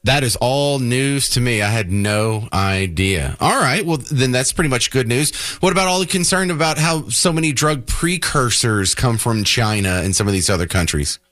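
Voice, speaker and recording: A man hosting a talk radio show, blunt and opinionated in quick back-and-forth. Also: medium pitch, expressive, a bit bright, dry recording, studio quality.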